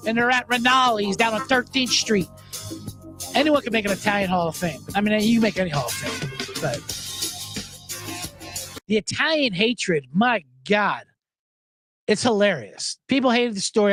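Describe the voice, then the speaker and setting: A man's voice: high voice, moderate pace, fairly bright tone, soft background music. A man hosting a sports betting podcast, rambling and joking profanely in a casual monologue. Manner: profane, joking, rambling, breaks into mock impressions.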